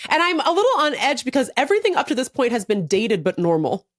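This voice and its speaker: A woman's voice: sits high, big pitch swings, fast talker, dry recording, clean studio sound. A woman co-hosting a podcast, telling a story animatedly in casual chat, acting out quotes and laughing often. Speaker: podcast co-host.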